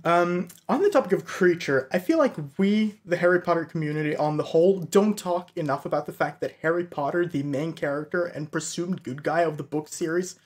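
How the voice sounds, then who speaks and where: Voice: mid-range voice, fairly quick, hardly any pauses. A podcast guest chatting casually, giggly and a bit hesitant. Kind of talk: casual chat.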